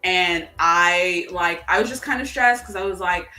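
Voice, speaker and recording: A woman's voice: on the low side, normal speed, faint music behind. A young adult woman co-hosting a casual chat, telling rambling stories full of fillers. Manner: animated rambling storyteller, many fillers. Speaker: co-host. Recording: roomy, distant from the mic.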